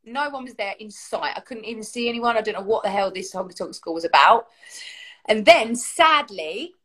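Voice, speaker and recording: Lively English woman telling a story. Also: on the high side, moderate pace. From England. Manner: lively, acts out other people's lines. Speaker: guest singer. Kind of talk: animated storytelling.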